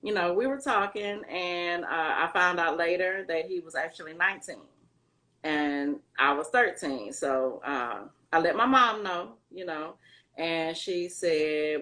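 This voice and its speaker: A woman's voice: fairly low pitch, unhurried, bright, forceful tone. A middle-aged woman, an interview guest, telling her life story candidly in loose conversational speech with many fillers.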